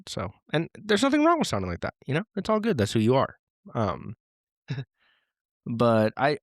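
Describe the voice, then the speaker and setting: Rambling, low-voiced podcast host. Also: male voice, dry recording, clean studio sound. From Los Angeles area. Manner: rambling, with many restarts and fillers. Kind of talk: casual comedic monologue.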